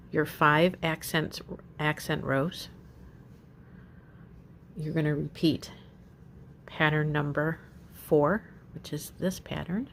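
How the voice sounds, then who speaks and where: A woman walks viewers through a crochet pattern in a slow, unhurried tutorial, repeating each step patiently. Her voice sits low with a gravelly edge, and she pads her instructions with easygoing fillers. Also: a little hiss or hum.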